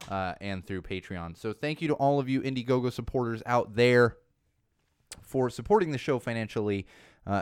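Podcast host, thirties, male, rambling casual delivery, smooth voice, dry close sound. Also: fairly low pitch, no echo. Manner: rambling, lots of fillers and restarts. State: slightly losing his voice.

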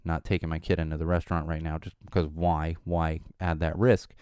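A man in his thirties talking casually about parenting, exasperated, with sudden high-pitched quotes of his young kid. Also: flat delivery, brisk, darkish tone, clean tone, dry recording, studio quality. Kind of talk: casual monologue.

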